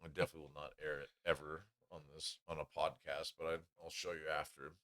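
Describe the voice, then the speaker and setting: A man's voice: extremely low pitch, little pitch movement, fast, fairly bright tone. A man telling profane, rambling anecdotes in a casual podcast chat.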